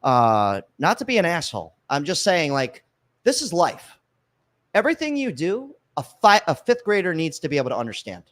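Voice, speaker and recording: A man hosting a casual livestream podcast, reading viewer comments and ranting in a loud, profane, mock-angry way. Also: on the high side, huge pitch swings, normal speed. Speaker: podcast host.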